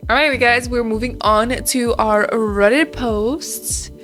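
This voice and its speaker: A woman hosting a reaction video in a chatty, casual way, reading posts aloud and often breaking into laughter. Her voice sits a little high, with soft music underneath. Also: slow.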